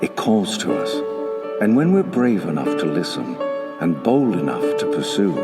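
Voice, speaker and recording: A man with a very deep voice narrates an inspirational promotional piece, slow and solemn. Loud sweeping music plays under him. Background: loud orchestral music.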